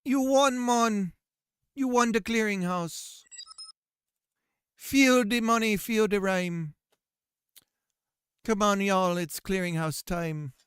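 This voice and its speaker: A greedy, pushy phone scammer with an exaggerated Jamaican accent, as a streamer puts him on. His voice rides high and loud in a mocking, sing-song caricature. The sound is clean, resonant and dry. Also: slow pace, pauses often, clear, resonant tone, no echo. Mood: gloating. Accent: put-on Jamaican accent.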